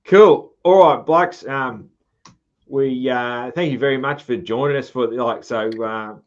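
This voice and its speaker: A man's voice: mid-range voice, unhurried, lo-fi sound. An Australian man hosting a podcast, chatting loosely, swearing freely and trailing off with ums. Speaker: podcast host. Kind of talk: casual podcast chat.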